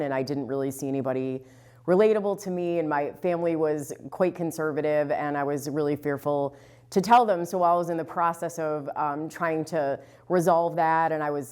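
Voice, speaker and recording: A woman who directs a housing coalition, speaking in a measured, reflective way in a documentary interview. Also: deep voice, darkish tone, smooth.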